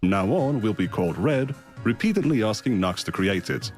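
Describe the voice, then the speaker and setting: Low-voiced man narrating over music. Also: lively intonation, moderate pace, a little mellow. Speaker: video narrator. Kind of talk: scripted documentary-style narration.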